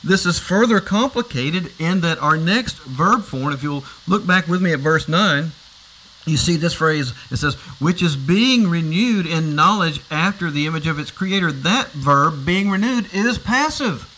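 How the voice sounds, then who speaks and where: A man's voice: fairly high pitch, expressive, measured pace, bright, forceful tone, a little hiss or hum, poor audio. A man preaching a sermon, explaining a passage and posing rhetorical questions, often repeating words as he restarts. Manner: teaching, asks rhetorical questions. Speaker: pastor.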